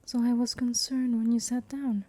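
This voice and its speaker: A woman's voice: mid-range voice, a little slow, dark tone. Woman whispering as a teasing charming local guide. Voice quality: breathy whisper. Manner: teasing, playful. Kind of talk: whispered role-play.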